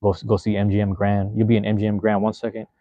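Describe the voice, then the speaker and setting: A man's voice: lowish voice, completely flat delivery, fast, no room sound, lo-fi sound. A young man in his twenties hosting a livestream, chatting loosely with viewers in rambling, profane slang from a room at home. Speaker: livestream host. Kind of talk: casual livestream chat reading viewer comments.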